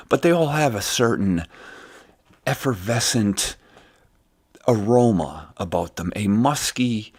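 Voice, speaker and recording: A man's voice: sits low, breathy edge. A man hosting a show, telling a long profane story in a rambling, casual rant full of fillers. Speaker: host. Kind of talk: casual ranting monologue.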